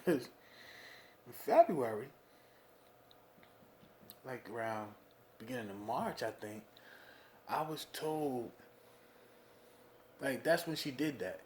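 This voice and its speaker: A young man from New Jersey venting about being a father in a casual monologue, animated, with lots of "you know what I mean". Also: slow, pauses often, a little hiss or hum. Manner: animated, swings loud and high when worked up, frequent "you know what I mean". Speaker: vlogger talking about fatherhood.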